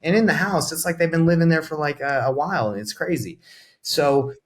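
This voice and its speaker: Fairly quick and slightly high-voiced, a young podcast guest from Atlanta, USA, who invests in real estate, relates a story in relaxed conversation. He's animated, voicing other people's words with lively shifts.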